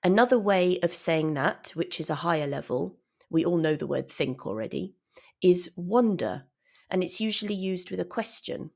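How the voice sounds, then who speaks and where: A woman's voice: lowish voice, moderate pace, creaky, a little mellow. A woman giving a patient English vocabulary lesson, explaining words and acting out short examples. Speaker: English teacher.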